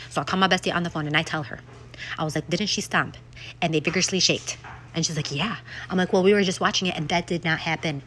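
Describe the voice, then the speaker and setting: A woman, chatting through a casual vlog while still congested from an illness, animated and full of exclamations and asides. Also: on the low side, fast talker, a little hiss or hum. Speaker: vlogger.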